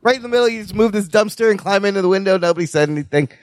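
A man's voice: high voice, racing, no echo. A man co-hosting a casual movie review podcast, wry and teasing, with some casual swearing. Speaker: podcast co-host.

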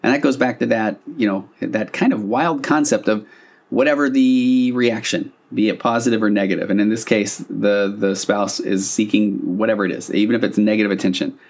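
A man's voice: lowish voice, steady tone, moderate pace, a little mellow. A man who works as a couples therapist, explaining a therapy concept to listeners in a loose conversational way, with fillers and restarts.

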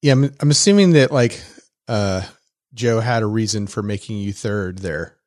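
A man's voice: fairly low pitch, normal speed, a little mellow, no echo, clean studio sound. A man co-hosting a podcast, chatting playfully and joking with his co-hosts, often rambling and restarting his sentences. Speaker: podcast co-host. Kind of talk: casual podcast banter.

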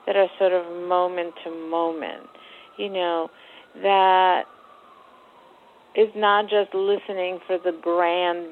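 Woman therapist, slow and measured, tinny phone line. gravelly edge, a bit of hiss behind her. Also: on the low side. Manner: measured, searching, many fillers. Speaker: psychotherapist. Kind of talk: phone interview. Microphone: telephone.

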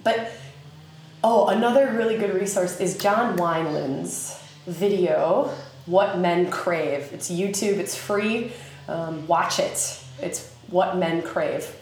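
A woman with a Southern US accent hosting a podcast, teaching in a casual, animated way with many fillers. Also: fairly low pitch, slow. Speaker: podcast host. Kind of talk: casual spoken teaching monologue. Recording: very echoey room with faint ambience.

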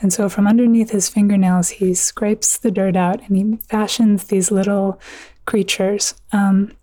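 A woman author telling an old myth in a conversation, earnest and vivid, with quick asides. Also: medium pitch, flat delivery, dark tone, no echo. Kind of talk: conversational storytelling.

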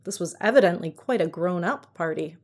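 A woman reading a storybook aloud in a clear, measured storytelling manner. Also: on the low side, expressive, darkish tone. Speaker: audiobook narrator.

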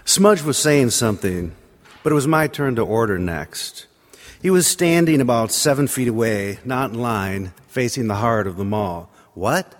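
A man's voice: medium pitch, expressive, normal speed. Man telling a wry story in a reverberant hall. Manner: wry, self-deprecating narration. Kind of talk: personal storytelling sermon.

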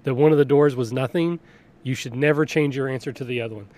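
A man's voice: medium pitch, steady tone, fast talker, a little mellow. A male podcast guest talks in a casual, chatty way. He laughs often and sticks stubbornly to his point. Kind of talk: casual chat.

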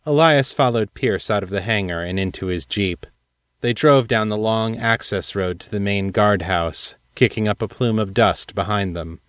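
A man reading scripted fiction aloud as narrator, in a measured storytelling manner. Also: on the low side, no echo, clean studio sound.

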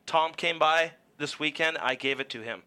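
A man's voice: fairly high pitch, moderate pace, bright, forceful tone, smooth. A man in a studio radio talk show, arguing bluntly and swearing in exasperation. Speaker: racer guest. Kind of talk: heated studio radio banter.

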